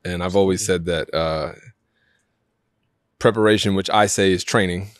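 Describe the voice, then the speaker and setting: A man's voice: sits low, steady tone, moderate pace, no echo, clean studio sound. A man from New York hosting a casual interview in an easygoing, affirming way. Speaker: podcast host.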